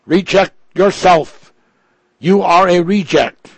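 A man's voice: high-pitched, slow, gravelly, no echo, pitched above the performer's own voice, full character voice. A man voicing an arrogant male robot that taunts and challenges its maker in a spoken religious story. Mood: taunting.

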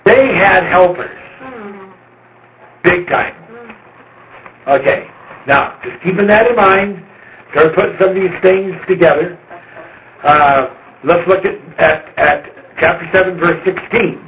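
A man with a fairly high voice gives a loose, conversational Bible lesson and repeats words for emphasis. The recording is roomy and dull, with a faint hiss behind him. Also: takes it slowly, long pauses. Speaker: Bible teacher. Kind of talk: informal Bible study lecture.

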